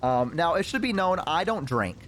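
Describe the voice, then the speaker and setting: A male streamer with a slightly high voice tells a rambling personal anecdote. His pitch swings widely, and he drops in casual swearing and filler words as he goes. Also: normal speed, slight background noise. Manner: animated, profane, rambling with fillers. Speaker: VTuber streamer.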